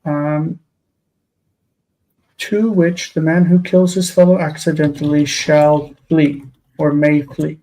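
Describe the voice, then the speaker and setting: A tired man teaching a live-streamed classical Hebrew grammar lesson, explaining patiently and slowly. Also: fairly high pitch, little pitch movement, warm tone, low-quality recording.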